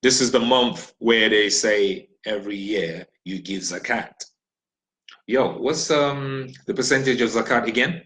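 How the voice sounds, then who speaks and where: A man's voice: fairly low pitch, unhurried, fairly bright tone, low-quality recording. A man from Nigeria delivering an impassioned, blunt monologue, swearing freely and firing off rhetorical questions. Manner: blunt, profane, ranting.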